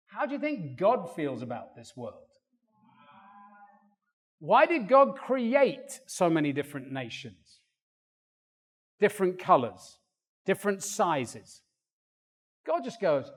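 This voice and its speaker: An older man preaching a sermon in a church, animated and acting out quoted voices. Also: high-pitched, normal speed, long pauses. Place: church hall. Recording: long reverb of a church hall.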